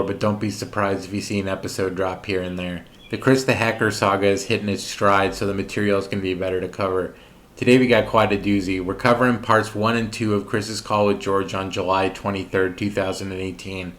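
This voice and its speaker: Man, commentary host, scripted narration, sarcastic, deeper voice. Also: fairly bright tone. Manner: sarcastic, mocking.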